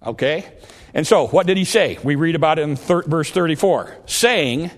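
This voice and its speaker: A man's voice: on the high side, expressive, moderate pace. Man preaching in a reverberant hall. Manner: earnest, repeats himself and restarts often. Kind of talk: sermon.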